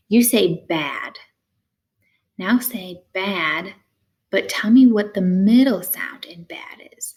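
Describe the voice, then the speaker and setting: A woman teaching a phonics lesson to young learners. She gives slow, clear prompts, pauses for answers and offers steady praise. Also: fairly low pitch.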